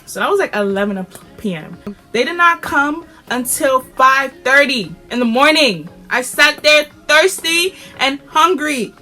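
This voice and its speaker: A woman's voice: high-pitched, expressive, unhurried, sharp tone, soft background music. A young woman vlogger telling a story casually, full of slang and fillers and rising with emotion.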